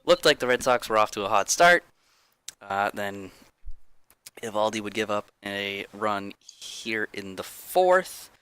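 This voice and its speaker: Young male podcast co-host, low-ish bright voice, dry close sound, sarcastic and chatty. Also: animated, a little slow, clear, resonant tone, dry recording. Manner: sarcastic, rambling, swears casually. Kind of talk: casual sports podcast chat.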